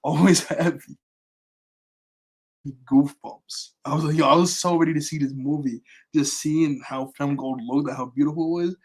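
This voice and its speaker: A man chatting through a casual fan review. He rambles, fills pauses with "like" and "uh", and chuckles often. His voice sits at a middle pitch. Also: rough recording. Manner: rambling, with frequent fillers and chuckles. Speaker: anime vlogger.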